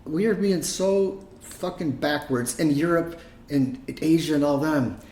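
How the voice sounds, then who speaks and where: A man co-hosting a podcast in casual chat, telling rambling, profane, animated stories. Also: on the high side, unhurried. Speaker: podcast co-host. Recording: roomy echo.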